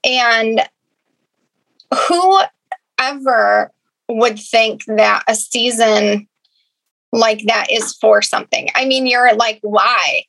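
Bright, gravelly Midwestern woman pastor. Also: fairly high pitch, drawn-out words, pauses often, rough recording. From Michigan. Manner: earnest, reflective, many fillers. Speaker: guest pastor. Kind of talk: casual faith podcast chat.

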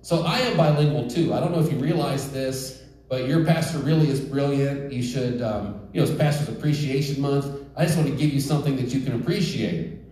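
A man's voice: medium pitch, a little fast, mellow. A man preaching a sermon in church, earnest and emphatic, with joking asides to the congregation. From rural United States. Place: church sanctuary. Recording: echoey church hall, distant mic.

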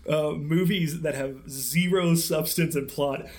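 A man's voice: fairly high pitch, fairly even intonation, takes it slowly. Young male podcast co-host, casual and rambling, filler-heavy, laughs a lot. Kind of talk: casual chat.

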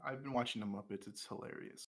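A man's voice: mid-range voice, quick pace. A man hosting a casual comedy podcast who talks loosely, swears and laughs readily. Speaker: podcast host.

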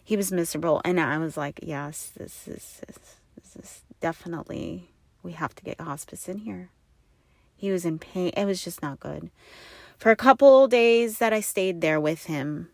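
A middle-aged woman hosting her own podcast, speaking softly and haltingly with many fillers, teary and emotional. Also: low-pitched, no echo. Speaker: podcast host. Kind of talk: personal podcast monologue.

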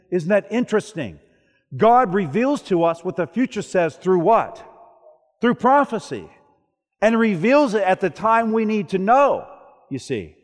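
A man's voice: high-pitched, big pitch swings, measured pace, big-room sound. A man preaching a sermon, often asking the congregation questions and then answering them himself.

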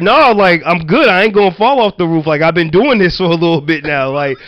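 A man's voice: high-pitched, a little fast, few pauses, a bit bright, dry recording. Loose-talking man telling profane stories. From Virginia, US. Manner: loose, profane, laughing anecdotes with many "like" fillers. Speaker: storyteller. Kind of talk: casual storytelling chat.

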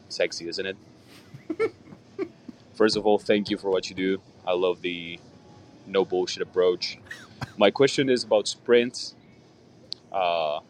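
Slow, flat, very deep-voiced male caller. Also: slight background noise. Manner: playful, self-teasing, with many hesitant fillers. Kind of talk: recorded voice question.

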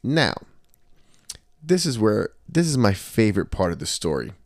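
A man in his thirties hosts a podcast, telling a story in a casual, animated way, full of swearing and acted-out quotes. His lowish voice moves at normal speed, recorded dry with clean studio sound.

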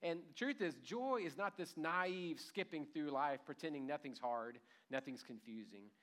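A man preaching a sermon, telling the story in an animated way with a light chuckle now and then. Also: on the high side, normal speed. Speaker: pastor.

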